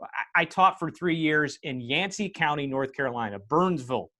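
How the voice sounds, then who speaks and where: A man's voice: on the high side, expressive, normal speed, pushed and bright. Chatty man with upstate New York accent. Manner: chatty, tells stories and explains history. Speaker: podcast host and teacher. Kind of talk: casual chat. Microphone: lapel mic on a video call.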